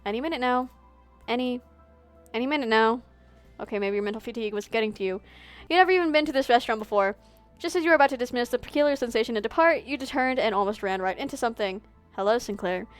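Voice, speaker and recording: A woman streamer races through a visual novel aloud, breaking off for giggles and chatty asides. Her voice sits a bit high and moves quickly, with faint game music underneath.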